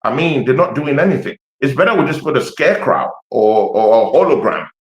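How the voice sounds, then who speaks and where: A man's voice: mid-range voice, lively intonation, fairly quick, lo-fi sound. A man with an African accent talking passionately about football on a podcast, full of fillers and repeats. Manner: passionate, repetitive, hesitant with lots of fillers. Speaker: Arsenal fan pundit. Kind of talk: animated football podcast chat. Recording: roomy echo.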